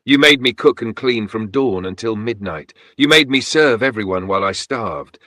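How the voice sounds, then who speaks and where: A man's voice: lowish voice, lively intonation, moderate pace, sharp tone, dry recording. A man voicing a mistreated young woman who speaks up with emphatic accusations. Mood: accusing.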